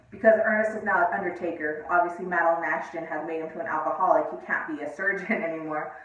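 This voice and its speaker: A woman's voice: on the low side, steady tone, fast. A woman casually reviewing a film in a rambling, profane way, full of fillers like "like". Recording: echoey distant lo-fi room sound.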